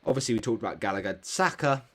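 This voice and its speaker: A man's voice: fairly low pitch, lively intonation, quick pace. A young man reviewing his fantasy football season, exclaiming and grumbling about players in casual solo commentary. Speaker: fantasy football channel host.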